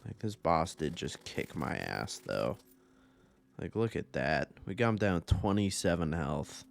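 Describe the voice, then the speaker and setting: A man's voice: deep voice, very animated, unhurried, creaky. A young man rambling through casual gameplay commentary, laid-back and profane, often laughing at his own stories. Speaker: gaming YouTuber.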